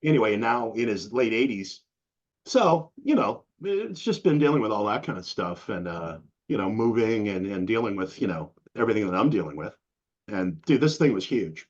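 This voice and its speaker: A man's voice: fairly low pitch, big pitch swings, moderate pace, a little mellow. A middle-aged man as an interview guest, talking in a rambling, profane, casual way and saying "dude" a lot. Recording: dull lo-fi recording.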